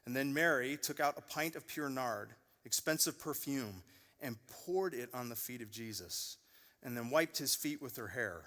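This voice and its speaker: In a large church auditorium with the long reverb of a church hall, a pastor in his forties preaches to his congregation. His voice is mid-range at a normal speed, and he's an animated storyteller who acts out the voices in his stories.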